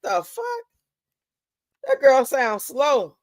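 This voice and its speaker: A woman's voice: high voice, big pitch swings, drawn-out words, no echo. A woman hosting a live stream, chatting casually in a blunt, profane, drawling way.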